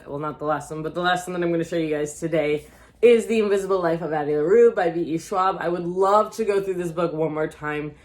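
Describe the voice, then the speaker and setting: Woman book vlogger, lowish voice, gushy and chatty, casual talk to viewers. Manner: gushing and chatty, often addresses viewers as guys. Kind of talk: casual book recommendation chat.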